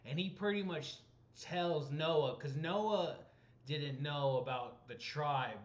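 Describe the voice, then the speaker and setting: A man's voice: on the high side, slow. A man recapping and reviewing a film in a loose, rambling way, often stopping to correct himself. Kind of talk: casual spoken movie recap. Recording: roomy, dull lo-fi home recording.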